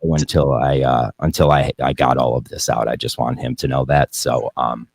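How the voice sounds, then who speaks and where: A man's voice: rumbling low, flat delivery, normal speed, creaky, a little mellow, dry recording. A young man hosting a podcast, talking casually, profanely and in a rambling way, often laughing. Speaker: podcast host.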